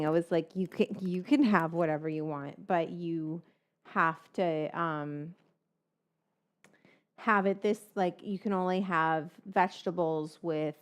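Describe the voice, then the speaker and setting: A middle-aged woman hosts a cooking livestream in a slightly lower register, rambling from one thought to the next. She swears casually and fills her talk with fillers while she chats to her viewers. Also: fairly even intonation, a little slow, smooth. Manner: rambling, chatty and profane, with frequent fillers. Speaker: cooking show host.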